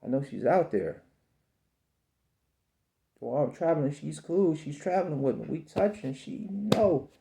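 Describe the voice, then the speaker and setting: Gravelly man in his fifties musing. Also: on the high side, animated, noisy background. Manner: slow, repetitive, preachy, calls listener baby. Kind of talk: rambling spiritual self-affirmation monologue.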